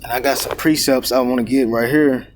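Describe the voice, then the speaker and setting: A man's voice: medium pitch, steady tone, a little fast, recorded from a distance, noisy background. A man teaching scripture in a casual sermon, reading verses aloud and commenting with "man" and "all right?". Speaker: preacher.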